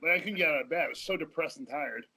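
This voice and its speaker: A man's voice: a little high, racing, pushed and bright, slightly rough, rough recording. A man telling rambling, profane stories as a guest in a casual interview, often laughing mid-sentence. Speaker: podcast guest.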